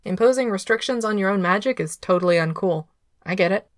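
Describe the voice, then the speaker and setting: A woman voicing a playful, quick-witted young male cultivator who talks with bright, incredulous energy. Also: medium pitch, dry recording, studio quality, voice pushed up, natural voice. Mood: questioning.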